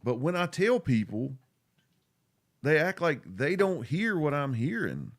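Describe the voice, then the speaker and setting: A man's voice: fairly high pitch, very animated, unhurried. A man co-hosting a live stream in casual chat, rambling and self-deprecating.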